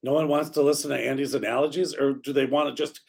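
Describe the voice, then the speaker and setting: Middle-aged guy, gravelly husky voice, laid back and teasing. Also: mid-range voice, steady tone, fast talker, a little mellow. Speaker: podcast co-host. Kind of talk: casual chat.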